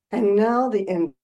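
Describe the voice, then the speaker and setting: A woman giving a dharma talk as a meditation teacher, telling a story in an animated, gentle and reflective way. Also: a little high, dull audio.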